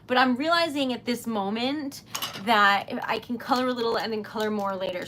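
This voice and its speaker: A young woman chats through a crafting livestream, giggling and flustered as she thanks viewers. Her voice sits fairly high. A faint hiss of room noise lies under the recording. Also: fairly bright tone. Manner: giggly, easily flustered, thanks chat often. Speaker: livestream host. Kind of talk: casual livestream chat while crafting.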